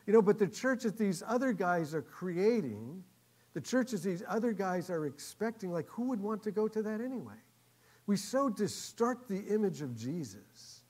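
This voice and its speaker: A male pastor telling a story in a sermon, acting out the quoted voices, getting loud for the lively parts and dropping soft for the tender ones. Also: high voice.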